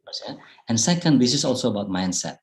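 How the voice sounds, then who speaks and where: A man with an Indonesian accent giving an online public speaking talk, speaking slowly and thoughtfully with frequent fillers and restarts. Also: mid-range voice, big pitch swings, darkish tone, poor audio. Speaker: guest speaker. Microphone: video call.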